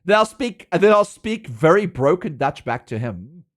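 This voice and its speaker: Giggly South African man, lively voice. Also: on the high side, normal speed. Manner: chatty and giggly, laughs often, playful. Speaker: streamer. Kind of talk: casual chat with a live stream audience.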